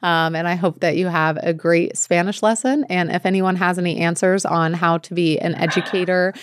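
A woman's voice: lowish voice, fairly even intonation, moderate pace, no echo, studio quality. A young American woman co-hosting a podcast, chatting casually with lots of filler words and a rambling manner. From United States. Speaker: podcast co-host. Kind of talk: casual chat.

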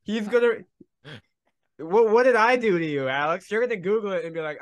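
A man's voice: high-pitched, brisk. A man playing a tabletop game, teasing and interrupting the others. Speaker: player. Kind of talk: casual tabletop play.

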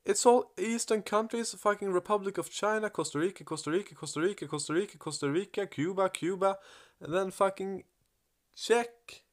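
Excitable young man. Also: high voice, normal speed. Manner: loud, excitable, swears a lot. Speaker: gaming YouTuber. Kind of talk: gaming commentary.

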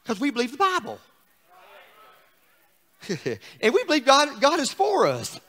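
A bright, high-pitched man preaching in a church with a long, ringing reverb. His voice leaps up and down as he moves from shouted praise to soft, confiding asides, exuberant and lively throughout. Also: measured pace. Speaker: pastor. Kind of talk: sermon. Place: church sanctuary.

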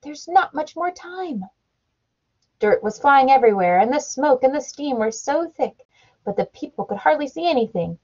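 A mother reads a picture book aloud to her child at home, with a husky, breathy voice. Her delivery is lively, with her pitch rising and falling a lot. The recording is dull and lo-fi. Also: brisk. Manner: animated storybook reading with sound effects. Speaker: parent reading to her child.

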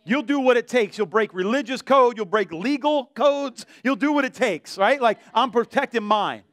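A male pastor preaching an animated sermon, acting out voices from the story. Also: extremely high pitch, moderate pace, no echo.

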